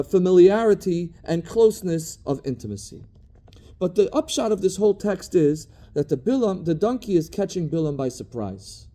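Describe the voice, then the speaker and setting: A man gives a Talmud study lecture in a very mellow, dark voice that sits a bit high. He reads Hebrew and Aramaic phrases and translates each one, pausing thoughtfully as he hunts for his words. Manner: thoughtful, searching for words mid-sentence. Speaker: Torah teacher.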